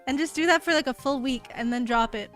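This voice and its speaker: A woman's voice: high voice, fast talker, a bit bright. A young woman streaming live, chatting casually with her viewers, reading their messages aloud and laughing often, with lots of "like" fillers. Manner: heavy use of "like" fillers. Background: faint background music.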